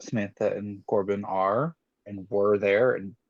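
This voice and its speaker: A man's voice: fairly low pitch, fairly even intonation, a little slow, no room sound. A man playing a tabletop game, thinking aloud with fillers as he answers the game master. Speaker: player. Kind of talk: tabletop role-play chat. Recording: dull lo-fi mic.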